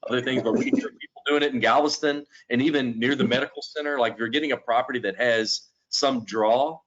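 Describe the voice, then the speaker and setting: A man presenting in a business webinar, explaining things in a steady, explanatory way. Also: medium pitch, brisk. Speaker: lending company presenter. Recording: dull lo-fi webinar audio.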